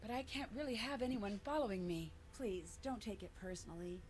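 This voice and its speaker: A woman's voice: mid-range voice, brisk, noisy background, lightly acted. An actress voicing a polite, guarded woman spy from the United States in a video game.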